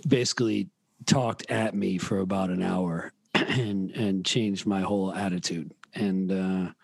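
A man's voice: deep voice, steady tone, unhurried, vocal fry, dry recording. A man talking in a casual podcast chat, rambling with many restarts as he describes his week. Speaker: podcast guest.

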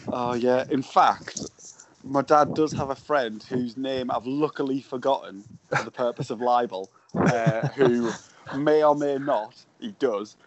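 A man's voice: mid-range voice, unhurried, a little hiss or hum. A man, co-hosting a podcast in casual chat, laughing often and mocking himself. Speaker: podcast co-host.

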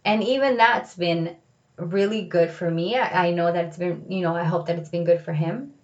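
Woman host, personal storytelling, candid and reflective, lowish voice, lo-fi sound. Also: normal speed, darkish tone. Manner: candid, reflective, filler-heavy with "like" and "you know".

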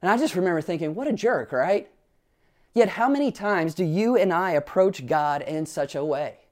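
A man's voice: on the high side, expressive, normal speed, darkish tone. Earnest man preaching a sermon. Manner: earnest preaching with frequent rhetorical questions; illustrates points with personal family stories. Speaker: pastor.

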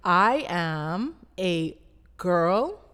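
A woman's voice: fairly low pitch, sing-song, extremely slow, a bit bright, smooth, in a large hall. A woman with a Bahamian accent, a brand founder giving a motivational talk in an emphatic, repetitive, preaching cadence.

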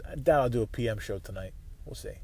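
A man's voice: fairly low pitch, fast talker, gravelly, a little mellow, breathy edge. Angry swearing man ranting about football. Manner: angry, swearing, rambling with restarts. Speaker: podcast host. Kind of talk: profane sports rant. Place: on the way to work, solo recording.

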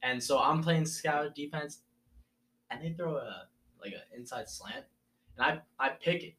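A man's voice: a little high, unhurried, fairly bright tone. A young man eagerly telling a story from his school sports days, laughing as he goes. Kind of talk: casual storytelling chat.

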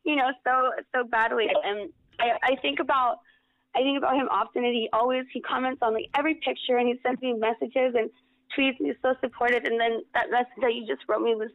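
A woman's voice: on the high side, fairly even intonation, brisk, no echo, narrow, tinny audio. A woman guest on a podcast interview, talking casually in a gushing, emotional way and repeating herself.

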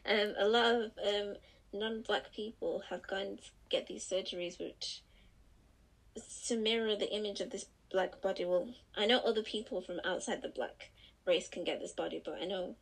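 A woman's voice: mid-range voice, fairly even intonation, moderate pace, poor audio. A young woman from Southern Africa in casual chat, co-hosting a podcast, often searching for words and restarting her phrases.

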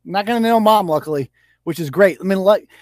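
High-voiced, blunt, profane male host. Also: no echo. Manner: blunt, profane, quick to laugh. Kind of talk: casual livestream chat.

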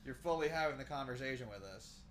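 A man's voice: medium pitch, expressive, fast. A man co-hosting a podcast in a loose, rambling casual chat, swearing freely. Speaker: podcast co-host.

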